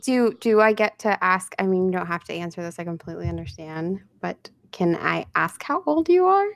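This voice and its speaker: A woman's voice: lowish voice, expressive, moderate pace, gravelly. A woman in her twenties hosting a casual live-stream interview, greeting viewers by name as she chats. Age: 20s.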